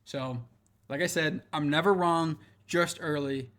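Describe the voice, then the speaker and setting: A young man giving brash, profane opinions on fighters in a casual chat, his voice swinging between loud bursts and quiet asides. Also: on the high side, measured pace. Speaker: MMA commentator.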